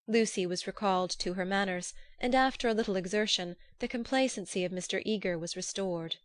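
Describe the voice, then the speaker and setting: A woman reads a classic novel aloud in a steady, measured way. Her pitch sits in the middle range, and the recording is dry and close. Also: dry recording. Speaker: audiobook narrator. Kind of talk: scripted audiobook narration.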